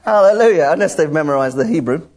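A man preaching a lively sermon to his congregation, joking and laughing often and calling out people by name. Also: a little high, quick pace. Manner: animated, jokey, laughs often, calls out congregation members.

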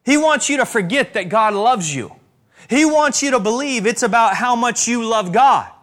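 A man preaching a sermon as a pastor, with emphatic rises and slow, stressed repetitions. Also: extremely high pitch, lively intonation, a bit bright.

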